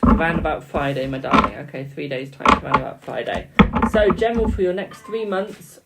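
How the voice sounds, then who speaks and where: On a live stream, a British man in his twenties reads tarot cards, chatting, laughing and teasing while calling every viewer "my darling." His fairly high voice moves fairly quickly with vocal fry. The recording is very noisy, with loud keyboard clicks and typing.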